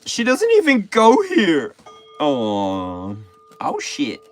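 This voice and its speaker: A man's voice: fairly high pitch, wildly swooping pitch, extremely slow. An Australian man hosting a tarot livestream, chatting playfully and breaking into snatches of song. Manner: playful, sings snatches of songs between remarks. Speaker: tarot reader, livestream host. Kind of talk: casual livestream chat with singing.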